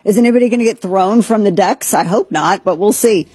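A woman's voice: mid-range voice, fairly quick, dark tone, breathy edge, dry recording. A woman hosting a talk radio show, commenting casually with an incredulous, joking manner and many restarts.

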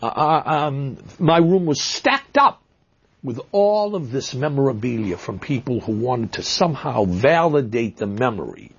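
A man with a Boston accent answering interview questions, halting with fillers and restarts, stressing words with emphasis, heard on dull lo-fi audio. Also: mid-range voice, lively intonation, creaky, husky. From Massachusetts. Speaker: interview guest.

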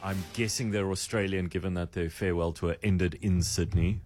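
A man's voice: deep voice, fairly even intonation, normal speed, darkish tone, slight background noise. A man with an Afrikaans South African accent, co-hosting on radio, guessing aloud playfully and stammering through his answers. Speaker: radio co-host. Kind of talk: casual radio banter, switching into Afrikaans.

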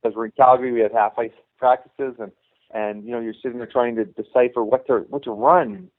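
A middle-aged man spins a long, rambling story, looping back over his own words. His voice comes through a narrow, tinny phone-like line. He sits at an everyday pitch. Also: steady tone, fairly quick. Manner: rambling, many restarts and "you know". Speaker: youth hockey coach, guest. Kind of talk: casual storytelling interview.

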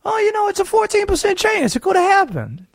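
A man putting on a Southern accent to play an excitable conspiracy-theorist sports pundit on a radio show. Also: very high voice, creaky, no room sound, clean studio sound, pitched above the performer's own voice, full character voice. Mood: insistent. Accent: American Southern. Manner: fast-talking, drawling, wheedling. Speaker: radio host.

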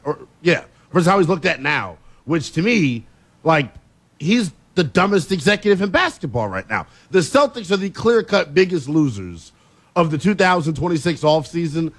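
Casual: high-voiced guy on sports radio talking big, pitch all over the place. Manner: brash, animated opinions. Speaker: sports talk show co-host. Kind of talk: sports talk radio banter.

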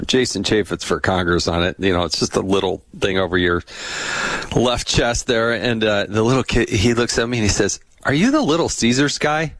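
Chatty low-voiced male podcast host. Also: fairly bright tone, no room sound. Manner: chatty, effusive, tells humorous anecdotes. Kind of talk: casual interview chat.

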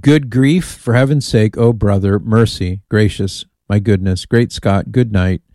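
A man's voice: lowish voice, measured pace, mellow, dry recording, clean studio sound. A man hosting a call-in radio show, chatting in an amused way and reading listener emails aloud.

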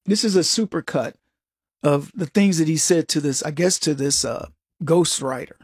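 A man's voice: a little high, moderate pace, noisy background. A middle-aged man hosting a political commentary monologue, emphatic and digressive with sarcastic asides. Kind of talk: opinionated monologue with anecdotes.

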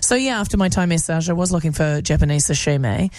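New woman, radio host, lively self-deprecating anecdotes on air. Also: deep voice, fast talker, no echo. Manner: animated, self-mocking anecdote telling. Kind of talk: casual on-air storytelling.

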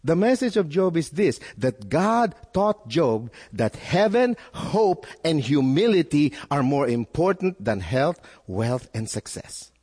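A man preaching a sermon in a lively, swooping voice that sits a little high for a man. He jumps up sharply in pitch and stumbles over repeated words as he presses his point. His voice rings out with a long reverb, like a large hall. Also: slow, hardly any pauses, breathy edge. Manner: animated preaching with sudden rises and repeated words. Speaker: pastor.

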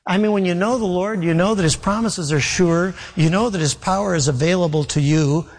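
A man's voice: sits high, a little fast, darkish tone. A male pastor preaching a sermon, telling a story with emphatic repetition, with long reverb from a large hall.

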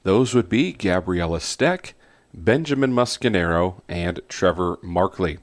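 A man reading a children's story aloud in a slow, gentle storyteller's manner. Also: deep voice, animated, no echo.

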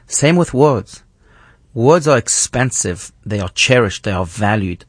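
Earnest rabbi, dry close sound. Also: male voice, medium pitch, expressive, a little slow, no echo. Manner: thoughtful, earnest, with frequent restarts. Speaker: rabbi, guest. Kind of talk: reflective teaching in conversation.

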